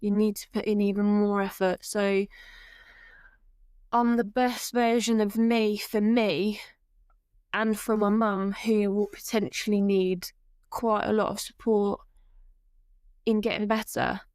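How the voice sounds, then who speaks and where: A woman, a guest on an interview podcast, telling her personal story in a candid, animated way and acting out bits of dialogue. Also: mid-range voice, slow pace, pauses often, smooth, dry recording, clean studio sound.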